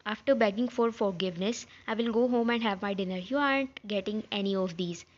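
A woman reads a fan fiction story aloud in a plain, even way. Her voice sits at a middle pitch, and the recording is slightly dull and lo-fi. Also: fairly quick. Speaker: story narrator.

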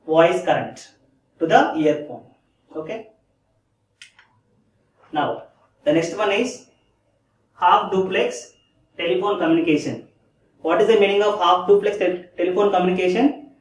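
A man giving a lecture in a classroom style who repeats key phrases and keeps checking that listeners follow. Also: high voice. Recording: echoey room, distant mic.

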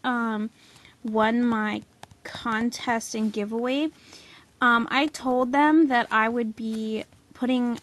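A young woman filming a casual haul video, gushing excitedly with lots of "like" and "oh my god". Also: fairly high pitch, a little hiss or hum. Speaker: vlogger showing a haul.

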